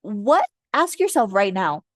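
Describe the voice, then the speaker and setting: A woman's voice: medium pitch, sing-song, a little slow, no echo. A woman in her thirties doing a casual tarot card reading for viewers, talking in a playful way and joking and swearing as she goes. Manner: chatty and playful, jokes, laughs and swears often.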